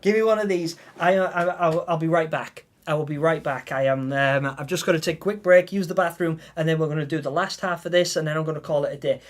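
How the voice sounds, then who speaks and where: A man hosts a live game stream and chats straight to his viewers. His voice sits a little high, and his heartfelt thanks come out stammering and emotional. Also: steady tone, fast talker, hardly any pauses. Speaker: gaming livestreamer.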